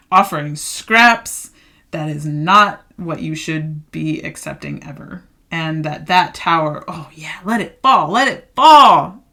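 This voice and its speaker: A woman's voice: medium pitch, pushed and bright. Fired-up chatty woman reading tarot. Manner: chatty, fired-up, emphatic, many "like" fillers. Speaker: tarot reader. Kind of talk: casual tarot reading monologue.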